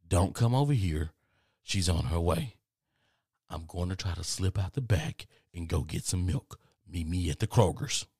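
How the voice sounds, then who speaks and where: A man voicing his friend, who speaks in a low, hushed, secretive voice as he hides from his fiancée. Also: very animated, unhurried, gravelly, few pauses, slightly rough, dry recording, clean studio sound, exaggerated voice.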